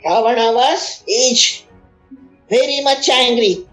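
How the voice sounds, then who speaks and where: A woman teaching scripture, translating Sanskrit verses line by line in an animated retelling. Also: a little high, measured pace. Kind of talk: explaining Sanskrit verses of an epic. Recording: echoey room with faint music.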